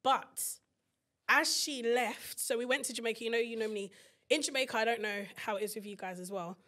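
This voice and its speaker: A woman, hosting a casual chat and reacting quickly with eager agreement. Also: a little high, pushed and bright. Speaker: podcast host.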